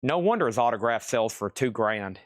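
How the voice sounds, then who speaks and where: A man's voice: mid-range voice, expressive, moderate pace, very noisy. A man hosting a live record sale stream, calling out lots and start prices, rambling and joking between auctions. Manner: rambling, joking, self-deprecating. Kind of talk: livestream auction chatter.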